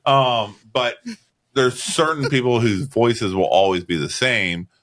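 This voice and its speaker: A man's voice: mid-range voice, a little slow, fairly bright tone. A man co-hosting a movie podcast, talking bluntly and swearing a lot, with plenty of "um" and "all right" as he reviews a film in casual chat. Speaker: podcast co-host.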